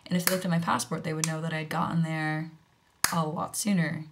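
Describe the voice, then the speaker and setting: Chatty American woman, lowish voice. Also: flat delivery, brisk, background noise. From United States. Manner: chatty, filler-heavy, drops into whispered asides. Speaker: vlogger. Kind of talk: casual storytelling.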